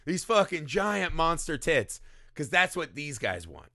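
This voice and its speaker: A man with a bright, sharp voice that swings up and down as he jokes through a crude movie breakdown. He sounds a little high for a man, with a dry, close sound and no room echo. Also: unhurried, gravelly. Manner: animated, profane, joking, acts out lines. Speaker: podcast co-host. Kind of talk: crude comedic movie discussion.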